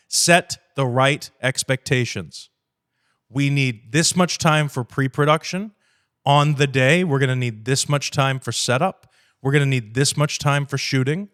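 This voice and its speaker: A man hosting a podcast, speaking bluntly and profanely, lively, acting out conversations with clients. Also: mid-range voice. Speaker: podcast host. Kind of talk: casual podcast talk.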